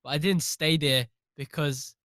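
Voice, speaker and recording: Young man, high-ish voice, casual podcast chat, animated ranting, swears a lot, dry close sound. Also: measured pace, dry recording. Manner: animated, swears often, rants with exasperation. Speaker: podcast co-host.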